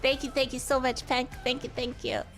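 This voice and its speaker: A woman's voice: sits high, level tone, brisk, a bit bright, faint music behind. A woman streaming live in casual chat, greeting her viewers, laughing and swearing freely. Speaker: VTuber streamer.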